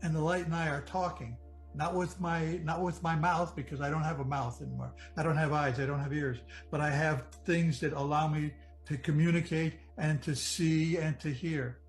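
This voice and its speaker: A man's voice: fairly high pitch, steady tone, rough recording. Earnest man with a raised voice. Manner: earnest, reflective, halting with restarts. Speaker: near-death experience storyteller. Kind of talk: personal testimony. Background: soft music.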